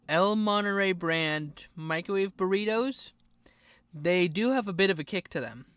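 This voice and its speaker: A man's voice: high voice, lively intonation, normal speed, fairly bright tone, clear, resonant tone. A man hosting a game playthrough, chatting casually and apologetically, sometimes talking while eating. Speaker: gaming channel host.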